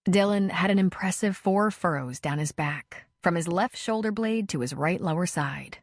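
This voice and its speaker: A woman narrating an audiobook in a measured, even reading voice. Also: on the low side, no room sound, studio quality. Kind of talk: scripted narration.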